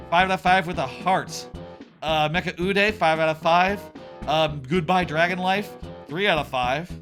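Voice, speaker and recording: A man's voice: sits high, fairly bright tone. A young adult man streaming a game, chatting casually in a rambling, wry way, swearing now and then. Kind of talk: casual chat while playing. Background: faint game music.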